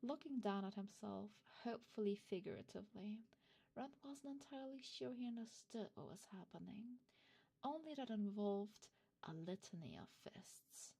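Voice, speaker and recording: A woman's voice: mid-range voice, moderate pace, creaky, dark tone, breathy edge. A woman streamer, not a native English speaker, reading fan fiction aloud and chatting with viewers in a hesitant, flustered way. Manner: hesitant, flustered, self-interrupting asides. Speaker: streamer host.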